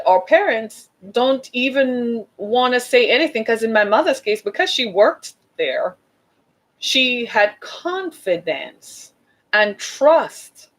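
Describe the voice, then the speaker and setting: A woman's voice: medium pitch, low-quality recording. A woman giving an impassioned talk to an audience, urgent and exhorting, repeating her points for emphasis. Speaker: speaker addressing an audience.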